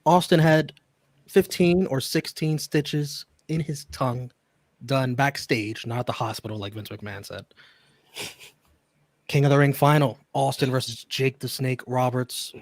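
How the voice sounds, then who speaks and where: A man's voice: mid-range voice, measured pace, no echo. A man hosting a casual podcast, recapping matches and laughing often. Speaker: podcast host reviewing wrestling.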